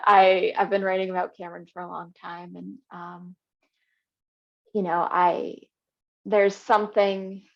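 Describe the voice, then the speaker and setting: A young woman poet giving a slow, measured poetry reading over a video call. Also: fairly low pitch, vocal fry, lo-fi sound. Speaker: poet reading her work.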